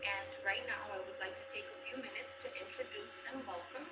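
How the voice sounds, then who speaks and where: A woman's voice: medium pitch, fairly quick, roomy sound, very noisy. A woman, a director of continuing education, politely introducing a speaker in a formal webinar.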